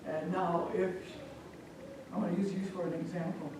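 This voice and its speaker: A woman from Omaha telling a folk tale live to an audience, animated and speaking directly to listeners. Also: fairly low pitch, moderate pace, background noise. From Omaha, Nebraska. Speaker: storyteller. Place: live public event, echoey room. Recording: echoey hall from far off.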